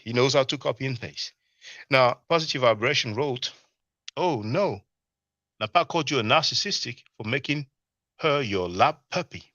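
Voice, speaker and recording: A man's voice: mid-range voice, sharp tone, dry recording, lo-fi sound. A man giving casual commentary on a live stream and reading chat, mocking and scornful, often asking "you see?". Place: abroad in Europe.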